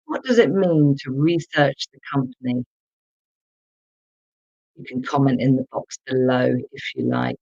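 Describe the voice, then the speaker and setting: Slow, deliberate online English teacher. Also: mid-range voice, vocal fry, darkish tone, no echo, dull audio. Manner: slow, deliberate, repeats words for learners to copy; addresses viewers in the chat directly. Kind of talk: live online language lesson.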